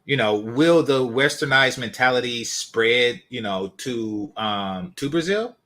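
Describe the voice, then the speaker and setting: A man's voice: mid-range voice, expressive, a little slow, a bit bright. A man hosting a dating commentary channel, talking casually with blunt, dismissive swearing.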